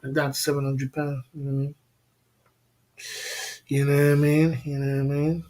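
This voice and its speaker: A man hosting a casual livestream, rambling about stocks and reading chat comments, often repeating "you know what I mean". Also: mid-range voice. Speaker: livestream host.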